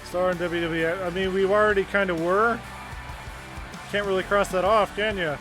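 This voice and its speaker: Playing a wrestling video game on stream, a young man mutters sarcastic, profane asides as casual gameplay commentary. He speaks at normal speed in a high-pitched, steady voice. There is game music behind him.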